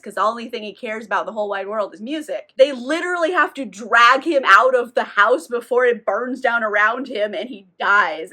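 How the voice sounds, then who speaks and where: A woman's voice: a little high, pushed and bright. A woman recapping a novel in a casual, sarcastic way, with swearing and lots of "like". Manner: sarcastic, profane, filler-heavy. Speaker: book reviewer.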